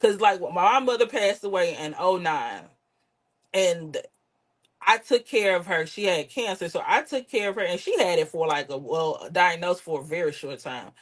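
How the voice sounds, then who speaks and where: Appearing as a guest in a relaxed interview, this comedian speaks at a moderate pace in a voice on the low side. She shares frank stories with lively energy and some swearing, imitating the voices of her relatives.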